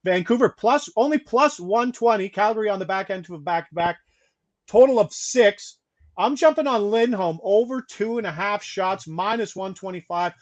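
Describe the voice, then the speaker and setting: Higher-pitched male host, quick stat-reader, casual betting talk. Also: muffled recording. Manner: brisk, rattles off stats and odds, laughs mid-sentence. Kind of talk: casual sports betting chat.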